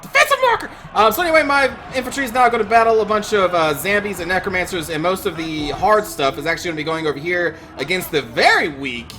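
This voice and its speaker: A man's voice: high-pitched, animated, quick pace, few pauses, pushed and bright, slight background noise. A man giving gameplay commentary as a channel host, ranting in exasperation and swearing often.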